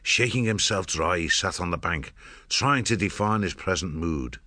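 A man narrating a storybook in a measured, steady way. His voice sits very low and the recording is dry and close, with no room sound. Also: no room sound. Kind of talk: scripted audiobook narration.

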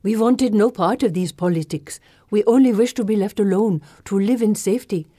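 A woman voicing a calm, earnest young woman of a secluded tribe in an audiobook. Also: mid-range voice, normal speed, no room sound, studio quality, natural voice. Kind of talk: audiobook reading.

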